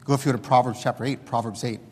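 A man's voice: medium pitch, fairly even intonation, racing, slightly rough, big-room sound. A man preaching a sermon, reading scripture aloud in an emphatic, pleading way.

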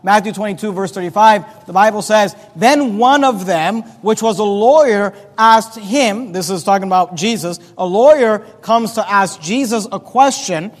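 A man preaching a sermon as pastor of his church, talking emphatically with big swings in loudness and pitch. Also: moderate pace, few pauses. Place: church sanctuary. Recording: long reverb of a church hall.

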